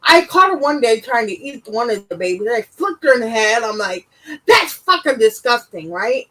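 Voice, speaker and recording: Woman, high voice, bright, animated, swears, casual co-host. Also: normal speed, low-quality recording. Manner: animated storyteller, swears freely. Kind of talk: casual livestream chat.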